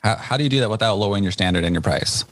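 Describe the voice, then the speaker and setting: Enthusiastic podcast host, dry mic. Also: male voice, on the low side, very fast, fairly bright tone, no echo. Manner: enthusiastic, laughs often, asks follow-ups. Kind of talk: casual podcast interview.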